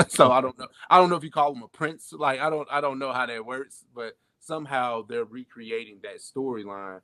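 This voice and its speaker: A man's voice: medium pitch, normal speed, pushed and bright, no echo. Dry, chatty male podcast co-host. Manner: loose, profane, chatty riffing. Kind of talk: casual pop-culture chat.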